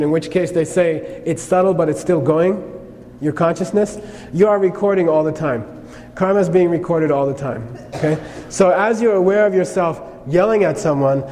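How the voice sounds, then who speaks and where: A man's voice: a little high, darkish tone. A man giving a lecture on Buddhist teaching, speaking conversationally and often checking in with "okay?". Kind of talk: lecture on karma. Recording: long reverb, faint noise.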